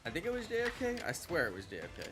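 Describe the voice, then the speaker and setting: A man's voice: a little high, wildly swooping pitch, rapid-fire. A man chatting casually and joking with his viewers while he plays a video game live, rambling from one silly aside to the next. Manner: joking, rambling, chuckles at own jokes. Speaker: streamer. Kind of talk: casual live-stream chat while gaming. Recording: game music behind the voice.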